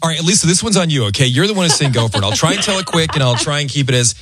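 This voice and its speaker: A man hosting a radio show, telling a story in a chatty, animated way with plenty of fillers. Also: on the high side, very fast, music in the background. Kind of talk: casual on-air storytelling.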